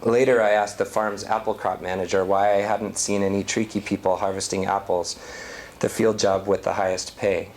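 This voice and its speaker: A man giving an academic lecture, reading a prepared talk at a measured pace. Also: lowish voice, level tone, darkish tone, a little hiss or hum. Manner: reads prepared text, measured.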